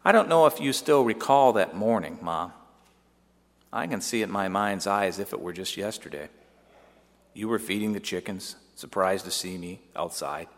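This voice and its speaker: A man's voice: low-pitched, animated, moderate pace. A man playing Joseph, an earnest young man telling his mother a heartfelt story in a dramatic monologue. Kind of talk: dramatic first-person monologue. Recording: long echoey hall reverb.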